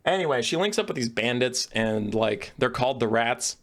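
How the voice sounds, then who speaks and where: Dude ranting about lore, sarcastic and sweary, voice jumps all over, mid pitch. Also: male voice, normal speed. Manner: animated, profane, sarcastic. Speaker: video creator. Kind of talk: lore rant.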